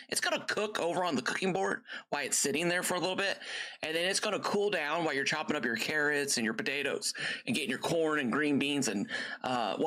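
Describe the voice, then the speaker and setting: A middle-aged man with a slightly high voice hosting a live stream in a loose, casual chat. He rambles from story to story, full of fillers. He walks viewers through things step by step in a friendly way. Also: pushed and bright. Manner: gives friendly step-by-step cooking tips to viewers. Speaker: gaming livestream host.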